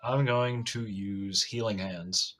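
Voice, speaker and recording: A man's voice: lowish voice, fairly even intonation, slow pace, fairly bright tone. A man playing a tabletop game, talking in a playful, hesitant way. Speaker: player. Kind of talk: tabletop role-play chat.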